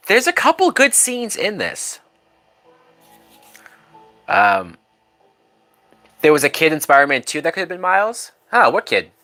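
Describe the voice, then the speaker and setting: A man's voice: medium pitch, sharp tone. A man casually commenting on a film during a live stream, loose and profane, now and then reading out viewer comments. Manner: loose, profane, chatty, reads out chat. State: drunk.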